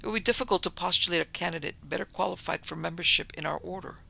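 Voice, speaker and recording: Guy reading a smooth creepy old doctor villain, real gravelly, sharp edge. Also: high-pitched, fast talker, full character voice, low-quality recording. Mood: persuasive. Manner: suave and coolly persuasive. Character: smooth, domineering older male doctor leading a secret order.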